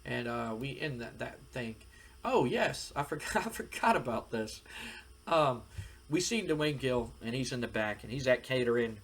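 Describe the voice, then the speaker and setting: A man's voice: medium pitch, lively intonation, moderate pace. A man narrating a wrestling simulation playthrough in a rambling, filler-heavy way. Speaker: game commentator. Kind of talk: let's-play narration of a wrestling sim.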